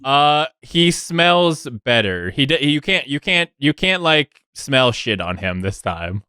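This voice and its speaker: A man narrating as game master of a tabletop game, halting and unhurried with chuckles. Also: mid-range voice, very animated, bright, forceful tone, clear, resonant tone, no echo, clean studio sound. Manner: halting, many fillers and restarts, chuckling.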